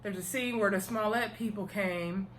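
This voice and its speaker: A woman giving a casual, animated recap of a TV episode, full of slang and playful asides. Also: medium pitch, moderate pace, a little hiss or hum. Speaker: TV episode reviewer.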